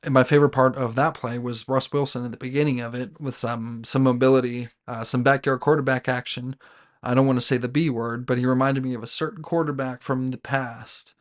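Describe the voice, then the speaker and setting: A man talks through his team's latest game on his own podcast, speaking as a fan. His pitch stays level, with little rise and fall, and he keeps restarting sentences and filling pauses. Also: steady tone. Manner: rambling, with frequent fillers and self-corrections; fan talking about his team as "we". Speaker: sports podcast host. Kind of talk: casual solo game recap.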